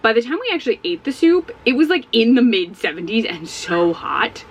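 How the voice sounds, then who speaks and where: A woman talks in a loose, chatty vlog from her home, rambling and cutting herself off mid-sentence. Her pitch swings widely, rising and falling as she talks. She sounds a little sleepy, and there is a faint hiss behind her voice. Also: fairly quick, few pauses, poor audio. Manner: rambling, self-interrupting, animated. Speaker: book vlogger. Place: at home with a barking dog nearby.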